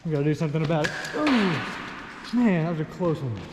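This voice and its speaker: Dad, high lively voice, laughing play-by-play, very echoey home room with long reverb. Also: male voice, fast, noisy background. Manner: animated, laughing, teasing, calls out play-by-play. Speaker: dad vlogger. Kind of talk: playful family vlog chat. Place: home, indoors.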